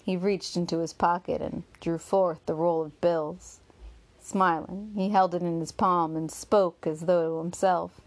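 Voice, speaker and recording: Woman, audiobook narrator, scripted narration, measured, low-pitched. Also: fairly even intonation.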